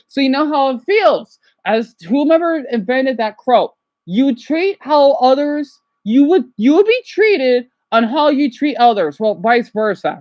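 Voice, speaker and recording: A man livestreaming his reactions, rambling and agitated, dropping to quiet mutters and then yelling at someone off to the side. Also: extremely high pitch, no room sound. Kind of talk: casual livestream reaction chat.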